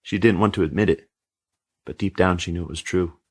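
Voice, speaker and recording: A male storyteller reads a dark family tale aloud with a steady, measured delivery. His voice sits deep and low, with a husky edge to it. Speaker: narrator. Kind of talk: storybook reading.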